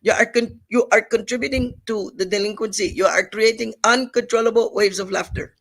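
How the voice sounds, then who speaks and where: Man doing a shrill scolding schoolteacher lady. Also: fairly even intonation, a little fast. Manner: stern, scolding. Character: strict angry female schoolteacher.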